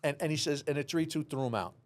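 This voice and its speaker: A man, a former police officer, telling a lively story in an interview and acting out the voices. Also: a little high, quick pace. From New York City. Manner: animated storyteller, acts out dialogue, many restarts.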